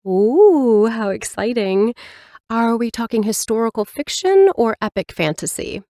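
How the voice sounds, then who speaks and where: A woman's voice: fairly high pitch, sing-song, a little slow, dark tone, no echo, clean studio sound. A woman voicing a bubbly, chatty librarian. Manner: bubbly, eager, talkative. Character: chatty, friendly young adult woman librarian.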